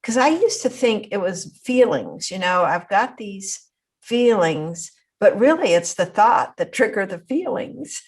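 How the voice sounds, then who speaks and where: A woman's voice: medium pitch, big pitch swings, measured pace, husky. A woman hosting a podcast interview, thinking aloud in a reflective, conversational way. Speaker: podcast host.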